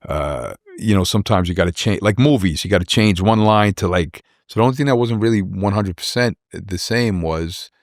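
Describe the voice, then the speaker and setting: A rapper in his forties, guesting on a casual interview, tells rambling personal stories, repeating words and acting out what people said. His voice is lowish, his speed normal, with few pauses. The studio sound is clean, with no room sound.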